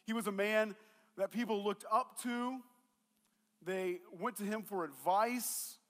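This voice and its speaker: A man's voice: high-pitched, measured pace, a bit bright, in a large hall. A man preaching a sermon as a pastor, talking casually and acting out the voices of the people in the story.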